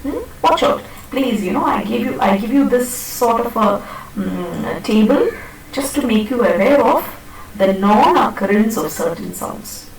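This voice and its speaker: Her voice leans high, with lively intonation and a slightly slow delivery, as she teaches pronunciation to a class. She patiently models and repeats words and checks that students are following, heard through a distant mic in an echoey classroom.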